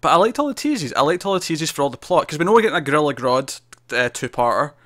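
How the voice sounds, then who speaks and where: A man co-hosting a TV review show, chatting casually in a quick, animated way with frequent restarts. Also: on the high side, no echo, clean studio sound. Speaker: TV review podcast co-host. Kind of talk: casual chat.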